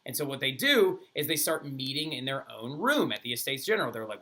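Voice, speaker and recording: Guy teaching history, super animated and chatty, really bright sharp tone. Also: medium pitch, brisk, hardly any pauses. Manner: lively, casual, with playful asides. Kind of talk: animated classroom lecture.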